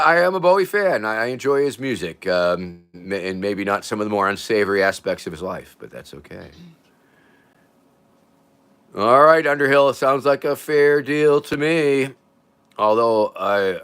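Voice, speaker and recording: An older man hosting a casual livestream, rambling and chuckling as he reads out viewer comments, his voice drifting from loud to quiet. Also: mid-range voice. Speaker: livestream host.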